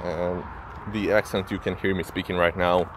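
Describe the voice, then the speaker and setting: A young man from Israel, a native Hebrew speaker with an Israeli accent leaning American, talking in a halting, thoughtful way in a casual vlog recorded outdoors. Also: low voice, little pitch movement. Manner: halting, thoughtful, many pauses. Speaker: vlogger. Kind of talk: casual reflective monologue. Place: outdoors near a street. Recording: outdoor street noise.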